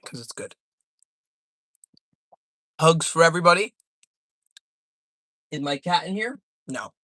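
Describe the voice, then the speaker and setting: Bright-voiced young male streamer, dry sound. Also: on the high side, lively intonation, slow pace, dry recording. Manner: rambling, jokey, reads chat aloud. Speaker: live streamer. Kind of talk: casual live-stream chat.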